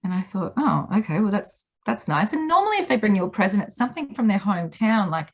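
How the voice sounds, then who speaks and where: Lively Australian woman telling stories. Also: mid-range voice, fast. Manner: animated storyteller, acts out quotes. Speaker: guest. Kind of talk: casual chat.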